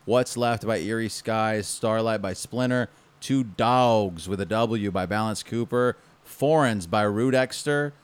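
A man's voice: on the low side, unhurried, hardly any pauses, clean tone, dry recording. A young man co-hosting a podcast, blunt and casual, swearing freely. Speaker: podcast co-host.

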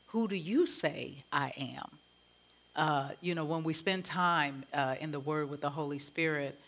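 A woman co-hosting a faith talk, slow and thoughtful with hesitant fillers. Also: deep voice, a bit bright.

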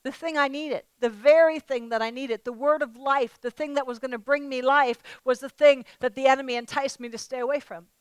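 Woman preacher, high pitch, storytelling sermon, dry close recording. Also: brisk, hardly any pauses, clean tone, no echo, rough recording. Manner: storytelling, animated acted-out quotes; emphatic repetition.

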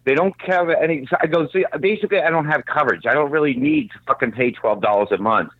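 A man telling a profane, animated rant in casual chat. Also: a little high, fast talker, dry recording. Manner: profane, ranting, animated storyteller. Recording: tinny phone-like line, dry.

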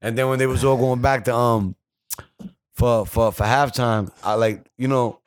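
A man co-hosting a podcast in casual chat, telling animated, profane stories and mimicking other people's voices. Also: mid-range voice, moderate pace, no room sound, clean studio sound. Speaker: podcast co-host.

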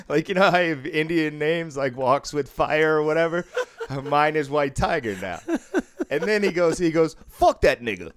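A man's voice: on the high side, a little slow, clear, resonant tone, no echo. A man from the Boston suburbs telling a story in casual chat, acting out quotes and swearing freely. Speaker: podcast co-host, casino worker.

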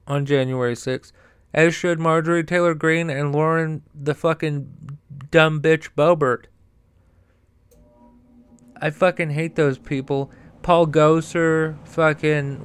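A man's voice: medium pitch, clear, resonant tone. A man hosting a podcast, delivering an angry, profane political rant, with a stutter that makes him repeat sounds and words. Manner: profane and heated, repeats words while getting started. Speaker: podcast host.

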